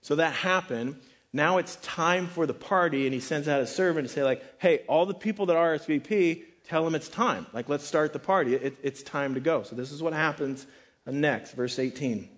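A man preaching a relaxed, conversational sermon on a Bible passage, joking and saying "like" often. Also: a little high, moderate pace. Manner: relaxed and joking, heavy use of "like". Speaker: pastor teaching a Bible passage.

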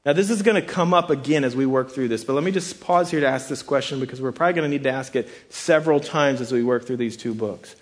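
A male pastor delivering a sermon at a mid-range pitch. He preaches in a conversational way, stumbling over repeated words and acting out what people might think. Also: quick pace, hardly any pauses. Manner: conversational preaching with repeated restarts and acted-out quotes.

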